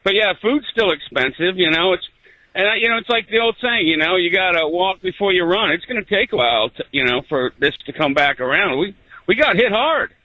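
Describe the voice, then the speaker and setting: A man's voice: high-pitched, animated, a little fast, no echo, muffled recording. A man, a truck driver calling in, easygoing and rambling with many fillers. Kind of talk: call-in conversation.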